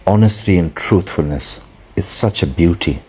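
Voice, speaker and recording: A man giving an earnest spoken dharma talk as a Buddhist teacher, pausing often to search for his words. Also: low-pitched, a little hiss or hum.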